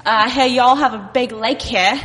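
A woman's voice: on the high side, normal speed, a bit bright, big-room sound, lightly acted. Woman doing a chatty Australian tourist. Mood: cheery. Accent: put-on Australian. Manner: chatty, shaky accent.

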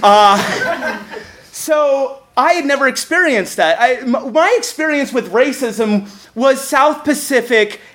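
Animated self-mocking comic storyteller. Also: sits high, takes it slowly. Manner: animated, self-mocking, laughs while telling; frequent restarts and stammers. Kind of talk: comedic personal storytelling.

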